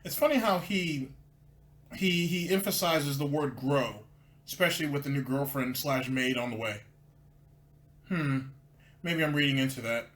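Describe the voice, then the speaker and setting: A man's voice: mid-range voice, normal speed, long pauses, a bit bright. A man hosting a commentary show, reacting to clips with dry, mocking asides and sarcastic remarks. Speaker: commentary host.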